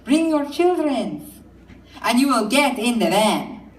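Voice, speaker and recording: A woman's voice: a little high, sing-song, takes it slowly. A woman voicing a fretful, overprotective middle-aged mother who speaks in a sing-song, repetitive way, heard from far off in an echoey room. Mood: ominous.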